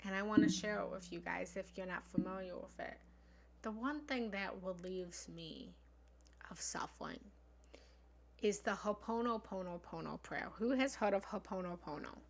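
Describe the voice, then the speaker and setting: Woman, spiritual coach, live stream talk, earnest, rambling, mid-pitched voice. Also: moderate pace. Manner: earnest, meandering, many fillers like "you know".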